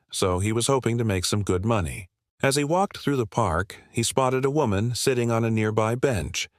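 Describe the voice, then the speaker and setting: A man with a fairly low voice tells a scripted story in a steady, even way. He sounds close to the mic in a dry, dead room with no echo. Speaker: narrator.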